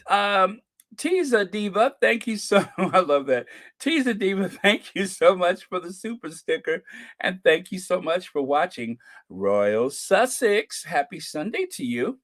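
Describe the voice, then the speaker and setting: A man's voice: high-pitched, sing-song, measured pace, fairly bright tone. A man hosting a casual live stream, chatting about photos and thanking viewers by name with chuckles.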